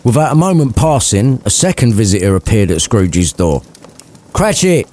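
A man's voice: fairly low pitch, big pitch swings, moderate pace, warm tone. A man narrating a crude comic retelling with cheeky asides.

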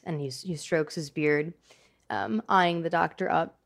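Lady at a tabletop game, gravelly low voice, kinda dry. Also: normal speed. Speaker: player.

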